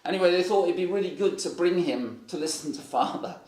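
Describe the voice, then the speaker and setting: A man's voice: high-pitched, a little fast, darkish tone, echoey room. A man preaching a sermon and telling stories in a loose, rambling way with many fillers and restarts. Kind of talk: sermon with storytelling.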